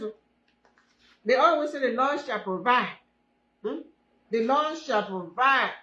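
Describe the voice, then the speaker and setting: A woman's voice: high voice, fairly bright tone, lo-fi sound. A woman running her hair braiding business, talking to viewers on a live stream, emphatic and repeating herself, often asking "hmm?". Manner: emphatic, repeats phrases, often asks 'hmm?'.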